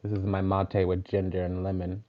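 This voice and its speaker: A man's voice: low-pitched, completely flat delivery, normal speed, background noise. Emphatic, profane man preaching a sermon. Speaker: spiritual teacher and tarot reader. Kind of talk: casual spiritual sermon. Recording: dull lo-fi recording.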